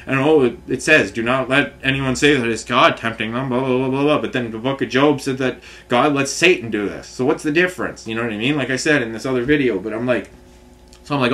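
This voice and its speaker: A man's voice: medium pitch, a bit bright. A man, ranting to camera in an agitated, rambling way with many fillers and restarts. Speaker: vlogger. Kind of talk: frustrated rambling rant to camera.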